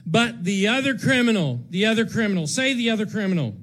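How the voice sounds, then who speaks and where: A man preaching an Easter sermon to his congregation, moving from hushed tones to shouts and repeating his words for emphasis. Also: high-pitched, very animated, brisk, few pauses. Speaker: pastor. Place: church sanctuary with congregation.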